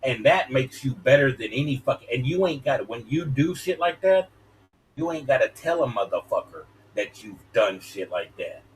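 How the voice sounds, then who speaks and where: A man's voice: medium pitch, animated, moderate pace, a little hiss or hum. A man ranting heatedly on a live stream, profane and preachy, with a wrestling-promo delivery. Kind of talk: heated casual rant.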